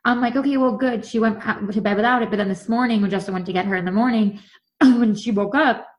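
A woman's voice: mid-range voice, fast. A woman in her thirties chatting casually as a co-host, telling stories and acting out what others said. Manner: chatty, animated storyteller acting out quotes. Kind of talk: casual chat.

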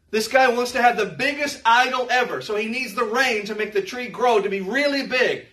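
A man with a fairly high voice leads a verse-by-verse Bible teaching, leaning on rhetorical questions and casual asides. He sounds a little distant from the microphone, as if picked up from across a meeting room. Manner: conversational, rhetorical questions, voice rising to shouts at times. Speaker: pastor.

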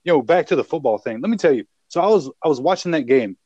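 Casting: young male podcast co-host, animated and excitable, slightly high voice, dry close mic. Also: fast, breathy edge, no room sound, muffled recording. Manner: excitable, laughing, swearing storyteller. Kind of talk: casual chat.

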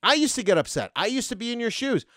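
A man's voice: very high voice, big pitch swings, quick pace, a bit bright, no echo, studio quality. A man in his thirties hosting a podcast, delivering a profane, sarcastic, rambling comedic rant monologue. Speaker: podcast host.

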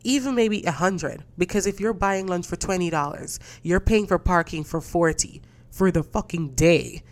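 Low-voiced new woman ranting on her podcast, blunt and fed up, swears a lot. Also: moderate pace. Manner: blunt, exasperated, swears freely. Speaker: podcast host. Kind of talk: casual rant.

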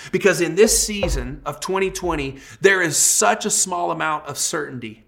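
A man's voice: fairly high pitch, normal speed, creaky, few pauses, fairly bright tone. A young man preaching a sermon as pastor, conversational and emotive, with frequent repetitions and asides.

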